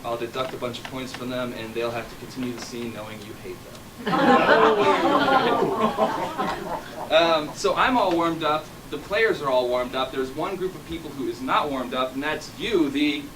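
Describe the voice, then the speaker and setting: With an expressive mid-range voice at a moderate pace, a man plays referee and host for live improv in a theater, cheerfully drawing the audience in. The sound is distant, with the bustle of a noisy live room.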